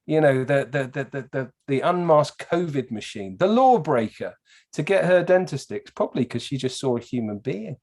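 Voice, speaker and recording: A man, a podcast guest, telling stories in casual chat, animated and swearing freely. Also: on the high side, moderate pace. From England.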